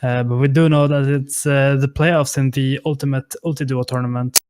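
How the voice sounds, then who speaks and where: A man's voice: mid-range voice, steady tone, moderate pace, a little mellow, a little hiss or hum. A man casting a live online game tournament, hesitant and apologetic, with many fillers and restarts, on a headset mic. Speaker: esports caster. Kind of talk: casual live game commentary.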